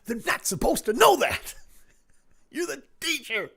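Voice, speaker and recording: Man hosting a live stream: jokey, animated, with a dry, close sound. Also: very high voice, measured pace, creaky, no room sound. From Chicago. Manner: animated, jokey, acts out voices. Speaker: host of a live show. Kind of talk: casual live-stream chat.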